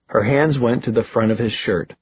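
A man narrating an audiobook in an expressive, storytelling manner. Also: mid-range voice, moderate pace, husky. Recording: dry, phone-like thin sound.

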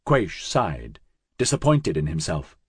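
A man reading a science-fiction audiobook in a measured, dramatic narration. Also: low-pitched, huge pitch swings, slightly rough, no room sound, studio quality.

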